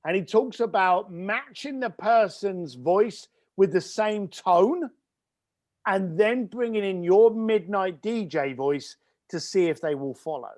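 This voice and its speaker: A man as a podcast guest, telling an animated anecdote and acting out other people's voices, moving between loud and hushed. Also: high voice, slow.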